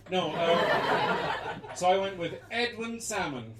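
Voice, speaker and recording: Young Irish stand-up, rambling and chuckling, high voice, caught from a distance in a roomy basement. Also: male voice, lively intonation, slow pace, pauses often, a loud crowd. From Ireland. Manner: rambling, chuckling through jokes, sudden shouted bits. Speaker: stand-up comedian. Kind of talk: live stand-up set. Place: small basement comedy room. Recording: echoey basement gig, distant mic, loud noise.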